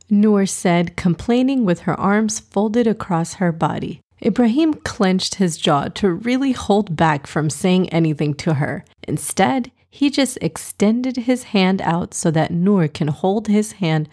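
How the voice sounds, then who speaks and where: A woman narrating a children's storybook in a gentle, expressive reading manner. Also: mid-range voice, measured pace, hardly any pauses.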